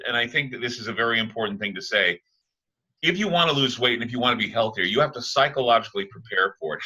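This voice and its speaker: A man hosting a casual interview, his voice pitched low yet with a bright, forceful edge. He talks in a halting way, filling gaps with "uh" as he gathers his thoughts. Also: husky, poor audio. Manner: halting, with frequent "uh" fillers. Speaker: talk show host.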